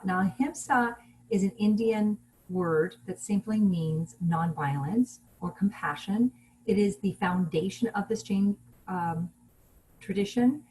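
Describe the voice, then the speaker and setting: A woman giving a relaxed online lecture over a video call, explaining things plainly with fillers and restarts. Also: medium pitch, a little hiss or hum, low-quality recording. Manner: casual teaching with fillers and restarts.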